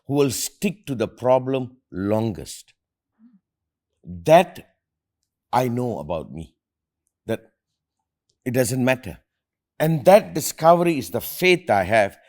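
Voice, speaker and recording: A man's voice: mid-range voice, sing-song, slow pace, pauses often, a little mellow. Emphatic middle-aged man. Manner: emphatic, earnest, repeats phrases for stress. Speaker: host and motivational speaker. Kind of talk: motivational talk with family.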